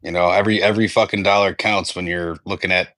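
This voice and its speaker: A man's voice: low-pitched, steady tone, fast, pushed and bright, no room sound. A man hosting a sports podcast in casual chat, rambling and swearing freely. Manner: rambling, profane, self-correcting. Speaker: podcast host.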